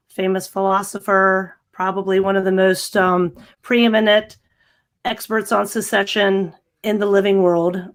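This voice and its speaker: This is a woman talking as a guest on a podcast. Her voice sits at an ordinary middle pitch, and she speaks in a lively, chatty way, laughs easily and fills pauses with "um" and "you know". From American South. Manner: chatty and animated, laughs often, many fillers. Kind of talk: casual podcast interview.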